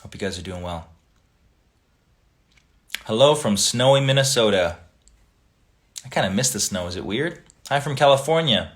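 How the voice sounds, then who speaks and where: A man hosting a casual livestream, reading viewer comments aloud and chatting back in a relaxed, friendly way. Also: medium pitch, moderate pace, pauses often. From Italian family background.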